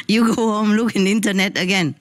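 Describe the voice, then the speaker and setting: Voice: medium pitch, moderate pace. A spiritual teacher telling a casual anecdote on a live stream, in chatty, non-native English with many repeated words and frequent laughter. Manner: laughs often while telling. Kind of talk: casual anecdote told to listeners. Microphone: live stream microphone.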